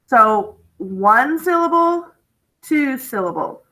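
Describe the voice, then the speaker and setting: A woman teacher giving a spelling lesson to young students, drawing out each word slowly and patiently. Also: high-pitched, lively intonation, sharp tone, rough recording.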